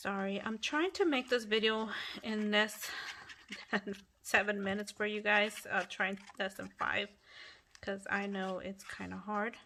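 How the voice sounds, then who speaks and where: A woman's voice: mid-range voice, fairly even intonation, measured pace, pushed and bright, a little hiss or hum. A middle-aged woman hosting a casual craft tutorial at home, chatty and apologetic, often restarting her sentences. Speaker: craft channel host.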